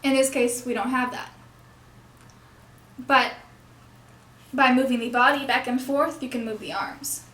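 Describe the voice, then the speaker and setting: A woman's voice: high-pitched, steady tone, unhurried, long pauses, fairly bright tone. A young woman explaining puppet technique in a hands-on lesson, stopping now and then to correct herself. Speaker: puppetry instructor. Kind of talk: instructional demonstration. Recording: echoey room.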